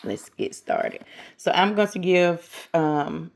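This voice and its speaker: A woman's voice: deep voice, expressive, a little slow, darkish tone. A middle-aged woman hosting a casual how-to craft tutorial, chatting and talking herself through each step as she works.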